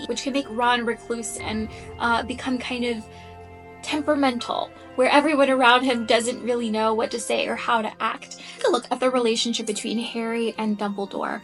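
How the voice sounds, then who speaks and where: A woman's voice: on the high side, steady tone, normal speed, fairly bright tone, faint music behind, low-quality recording. A woman talking in a casual, explaining way, earnest and thinking aloud with the odd "um". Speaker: astrology content creator.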